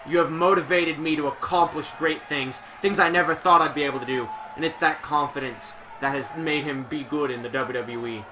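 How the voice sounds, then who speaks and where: A man putting on a rough Scottish accent to read a wrestler's brooding promo, speaking solemnly and dramatically. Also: fairly high pitch, steady tone, a little fast, hardly any pauses, background noise, lightly acted. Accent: put-on Scottish, admittedly poor. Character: brooding Scottish male wrestler vowing vengeance.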